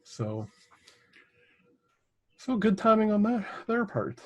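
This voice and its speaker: A man's voice: high-pitched, sing-song, takes it slowly. Rambling podcast co-host, a man. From Canada. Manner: rambling, filler-heavy news reading. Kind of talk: casual chat.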